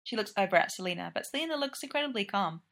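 A woman reading a story aloud. Her narration is expressive and lively, at a middle pitch. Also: racing.

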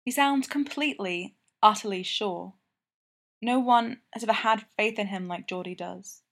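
A woman reading a story aloud in an even, intimate narrating manner. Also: mid-range voice, measured pace. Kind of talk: scripted narration.

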